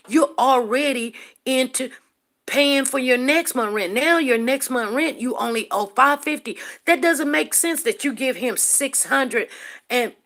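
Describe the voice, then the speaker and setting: A woman hosting a livestream show, telling a story to her viewers in an animated, emphatic way and calling them honey. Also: fairly high pitch. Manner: animated, emphatic, calls listeners "honey" and "you guys".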